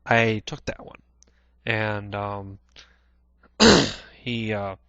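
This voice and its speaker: A man vlogging a casual personal recollection, halting with many restarts, clearing his throat often and swearing casually. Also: on the low side, a bit bright, dry recording, lo-fi sound. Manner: plain-spoken, swears casually.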